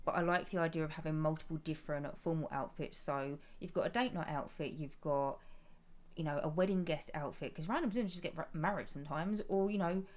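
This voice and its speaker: A woman talks her way through a relaxed live stream from her desk at home. Her voice sits a touch low, and her chat is easy and affectionate, greeting each viewer fondly as she goes. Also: brisk. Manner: chatty and affectionate, calls viewers "my darling".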